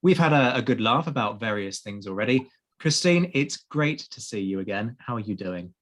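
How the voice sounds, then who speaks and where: A man's voice: lowish voice, lively intonation, normal speed. Chatty male podcast host. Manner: enthusiastic, chatty, with restarts. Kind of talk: casual podcast chat.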